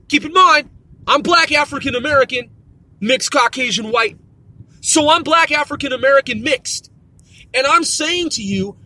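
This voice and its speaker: A man's voice: very high-pitched, pushed and bright. A man hosting a podcast, delivering a profane, emphatic, stern rant. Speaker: podcast host. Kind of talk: ranting podcast monologue.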